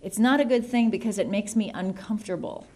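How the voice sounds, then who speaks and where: A woman reading a soft, menacing big inmate. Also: medium pitch, fairly quick, close to an everyday voice. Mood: quietly insistent. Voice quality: soft, panting. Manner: formal, quietly insistent. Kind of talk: audiobook character voice.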